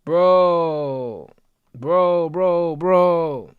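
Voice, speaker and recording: Casting: young guy, higher voice, excitable slang-filled chatter, dry close mic. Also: extremely slow, clean tone, dry recording, phone-quality sound. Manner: animated slang-heavy banter, laughing. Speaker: host of a football watch-along stream. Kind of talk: casual stream chat.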